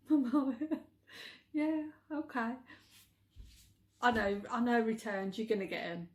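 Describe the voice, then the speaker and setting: A woman's voice: a little high, lively intonation, moderate pace. A middle-aged woman with a Birmingham accent, vlogging in a chatty way, giggling and stumbling over words. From England. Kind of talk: casual chat.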